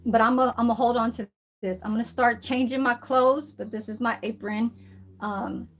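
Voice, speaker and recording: A woman's voice: a little high, fairly even intonation, moderate pace, slight background noise. A woman vlogging in casual chat, rambling, swearing freely and tagging her sentences with "okay?", filmed on a phone at home. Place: at home, indoors. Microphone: phone camera.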